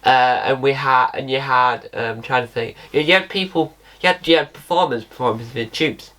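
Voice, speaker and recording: A man's voice: mid-range voice, normal speed, pushed and bright. A British man hosting his own channel with casual solo commentary, rambling and correcting himself, spelling words out. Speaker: channel host.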